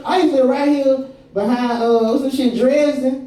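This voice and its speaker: A man's voice: extremely high pitch, steady tone, moderate pace, warm tone. A man doing a stand-up comedy set on a club stage, telling stories in a profane, laughing way. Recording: echoey club from far off, crowd.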